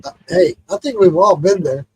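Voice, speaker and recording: A man's voice: high voice, very animated, normal speed, slightly rough, low-quality recording. A man from Missouri chatting casually and laughing easily on a podcast. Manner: laughing, easygoing. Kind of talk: casual chat.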